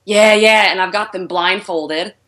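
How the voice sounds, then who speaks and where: A woman's voice: medium pitch, unhurried, bright, forceful tone. A woman from the United States with an American accent that drifts toward Australian, chatting casually and bluntly, swearing freely and laughing often. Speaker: guest, adult film performer. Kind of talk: casual podcast chat.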